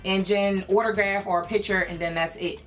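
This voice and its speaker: A young woman from Philadelphia, a beauty YouTuber, telling an excited storytime to her viewers in a chatty way with many fillers. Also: medium pitch, normal speed, faint music behind. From Philadelphia, USA. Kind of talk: storytime vlog, casual chat to viewers.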